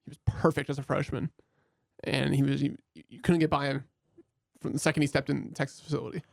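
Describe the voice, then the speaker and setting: A man co-hosting a sports podcast in casual chat, chiming in with quick, brief remarks. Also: mid-range voice, steady tone, gravelly, dry recording, clean studio sound.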